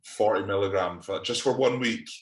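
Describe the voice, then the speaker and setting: Low-voiced Scottish man, sweary and laughing. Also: moderate pace, echoey room. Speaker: podcast co-host. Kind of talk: casual chat.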